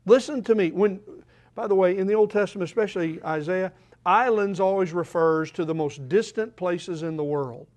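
An older man preaching a sermon, asking the congregation questions and swinging between loud declarations and quiet asides. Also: high voice, normal speed.

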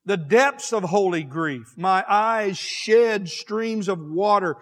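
A man preaching a sermon, swinging from quiet, slow passages to raised, shouted ones. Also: sits high, expressive. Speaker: pastor. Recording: long hall reverb.

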